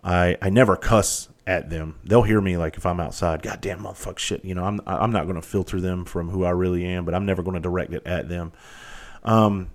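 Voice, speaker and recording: A man's voice: low voice, fairly even intonation, a little fast. A man hosting a podcast, talking candidly in a rambling, profane monologue. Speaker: podcast host. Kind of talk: casual monologue.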